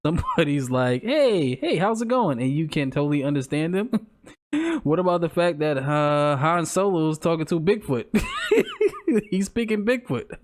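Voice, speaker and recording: A man's voice: fairly high pitch, lively intonation, moderate pace. A young man co-hosting a podcast in casual banter, laughing often, swearing freely and drifting into rambling asides. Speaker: podcast co-host.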